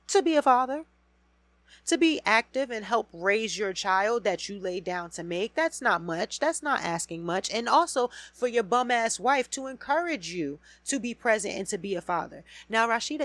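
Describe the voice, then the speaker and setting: A woman hosting a podcast alone, giving a casual, blunt and profane rant about reality TV with loud emphatic bursts. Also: mid-range voice, dry recording. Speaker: podcast host.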